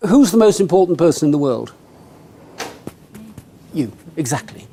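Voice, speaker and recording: A man's voice: fairly high pitch, very animated, moderate pace, warm tone, slight background noise. A man giving a humorous, conversational talk on networking to a live audience, speaking to them directly.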